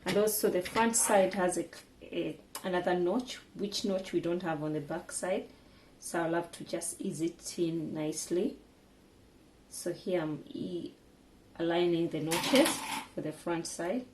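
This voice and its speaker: A woman's voice: fairly low pitch, measured pace, a little mellow, slight background noise. A woman teaching a sewing project step by step in a casual way, often restarting and correcting her words as she works. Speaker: sewing tutor.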